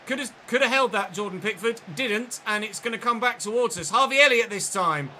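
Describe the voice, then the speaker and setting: Male streamer, high and very bright, chats and swears at the game, faint noise in the background. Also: fairly quick. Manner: sweary, chatty, answering chat mid-game. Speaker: gaming streamer. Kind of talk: livestream gameplay commentary.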